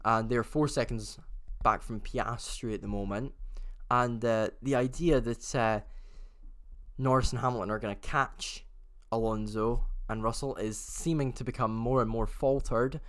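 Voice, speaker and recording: A man's voice: mid-range voice, steady tone, a little slow, no echo, clean studio sound. A man hosting a race watchalong, giving live chatty commentary and often correcting himself mid-sentence.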